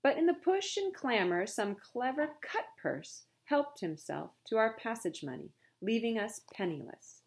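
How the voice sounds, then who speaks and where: A woman voicing a calm, polite male butler who speaks in formal, courteous phrasing. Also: a little high, unhurried, hardly any pauses, voice pushed up. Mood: composed.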